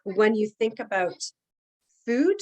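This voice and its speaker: Soft-spoken woman leading a healing session. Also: fairly high pitch, expressive, muffled recording. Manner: informal, hesitant, pauses with fillers. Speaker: energy healing practitioner. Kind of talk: guided healing session talk. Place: home.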